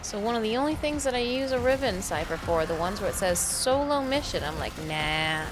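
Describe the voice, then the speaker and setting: A woman's voice: on the high side, expressive, brisk, noisy background. A woman streaming a game live, chatting in a bubbly, apologetic way with her viewers. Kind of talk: casual live-stream chat.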